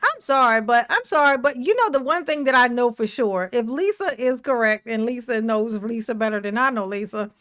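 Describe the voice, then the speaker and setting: Blunt, sarcastic woman with a high voice. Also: fairly quick, few pauses. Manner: blunt, emphatic, profane and sarcastic. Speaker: reaction video host. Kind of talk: casual reaction commentary.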